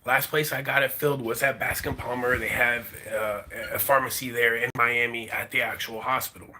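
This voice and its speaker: Bright-voiced man, rambling vlog story. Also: mid-range voice, fairly even intonation, normal speed, rough recording. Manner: rambling, repeats words, uses many fillers like "like". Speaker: vlogger.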